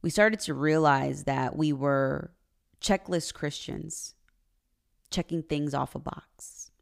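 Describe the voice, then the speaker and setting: A woman's voice: low-pitched, slow, creaky. A woman hosting a podcast, talking in an earnest, confessional way about her marriage and faith, and sometimes getting emotional. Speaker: podcast host. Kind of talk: personal faith podcast monologue.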